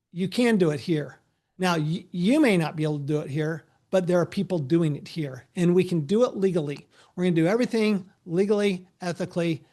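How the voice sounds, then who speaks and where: A middle-aged man, a tax advisor, giving a relaxed, anecdote-filled presentation over a video call with frequent restarts. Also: high voice. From United States.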